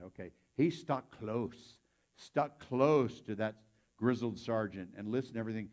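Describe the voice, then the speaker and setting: A middle-aged man preaching a sermon at a mid-range pitch. He tells his stories casually and quotes the people in them aloud. Now and then he shouts out their lines. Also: lively intonation, moderate pace. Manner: conversational storyteller, voices quoted people with sudden loud outbursts. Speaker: pastor.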